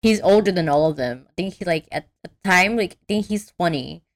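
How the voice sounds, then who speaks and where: A young woman talks loosely in casual podcast chat, her voice sitting a little low. She rambles, piling on fillers and restarting her sentences as she goes. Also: lively intonation, fairly quick. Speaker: podcast co-host.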